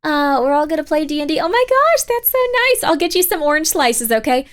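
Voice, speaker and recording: Picture a fussy, over-caring soccer mom who coos and dotes on her kids in a sugary voice that swoops up high. A young woman puts her on with a playful impression. The voice sits high and keeps fussing without pause. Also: sing-song. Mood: doting. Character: doting, fussy middle-aged soccer mom.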